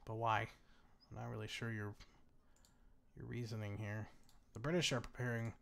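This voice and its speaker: A man's voice: fairly low pitch, steady tone, moderate pace, creaky, a bit bright. A man casually commentating a strategy game he is watching, chatty and bemused, swearing freely and laughing often. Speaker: gaming YouTuber. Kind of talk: casual let's-play commentary.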